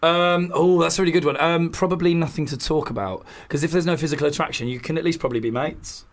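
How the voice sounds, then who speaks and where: Fast-talking man, rambling. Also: on the high side. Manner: rambling storyteller who acts out other people's lines. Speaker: podcast guest, stand-up comedian. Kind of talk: casual chat.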